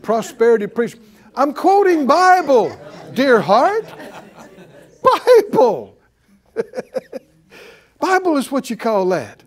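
A man's voice: extremely high pitch, wildly swooping pitch, slow, long pauses. A man preaching a sermon as a Bible teacher, emphatic and folksy, repeating key words and chuckling often.

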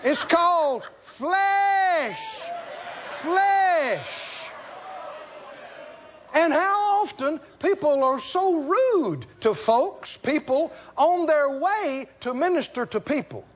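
A man preaching a sermon, telling stories with animated asides and laughter, and repeating key lines slowly for emphasis. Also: extremely high pitch, dull audio, a faint crowd, slight background noise.

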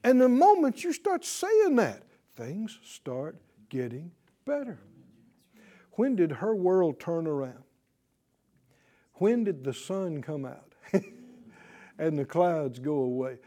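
A middle-aged man preaching a sermon, often chuckling, pleading and exhorting, dropping low and quiet and then bursting out loud. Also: slow pace, pauses often. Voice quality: lively, swooping delivery that drops low and quiet then bursts loud and high. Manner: chuckles through his lines, mimics whiny voices, pleads and exhorts.

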